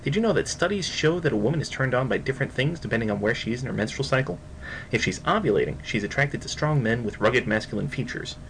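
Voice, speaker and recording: A man rattling off a dark joke in a rapid, deadpan way. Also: medium pitch, a little hiss or hum, rough recording. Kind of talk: telling a joke.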